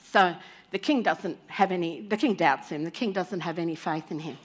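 A woman preacher retelling a Bible story in a sermon with animated storytelling, acting out the lines of the people in it. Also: lowish voice, normal speed.

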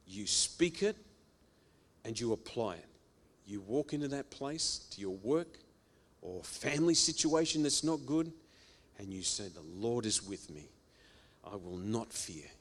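A male pastor preaching a sermon, emphatic and repetitive, swinging from loud exclamations down to quiet, low phrases.

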